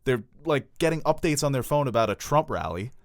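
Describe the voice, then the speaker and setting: A man co-hosting a podcast in casual chat, telling animated stories and swearing often. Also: medium pitch, a little fast, dry recording, studio quality. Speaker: podcast co-host.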